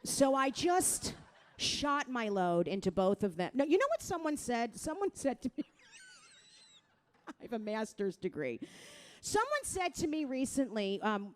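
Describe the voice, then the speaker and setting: A middle-aged woman from New Jersey doing a crude, self-mocking stand-up set, talking straight to the crowd and jumping into loud mock voices. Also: mid-range voice, big pitch swings, moderate pace. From New Jersey, USA. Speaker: stand-up comedian.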